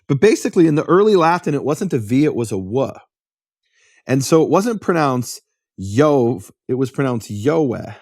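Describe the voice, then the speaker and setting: A man with a somewhat high voice explains his subject like a lecture. He keeps asking rhetorical questions and then answers them himself. The sound is dry and close, with no room echo. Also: darkish tone. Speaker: host explaining biblical history. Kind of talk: explanatory talk.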